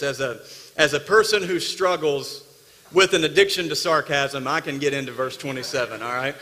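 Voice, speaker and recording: High bright-voiced preacher. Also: male voice, in a large hall. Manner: emphatic preacher, swinging between loud bursts and hushed asides. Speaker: pastor. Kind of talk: sermon. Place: church sanctuary.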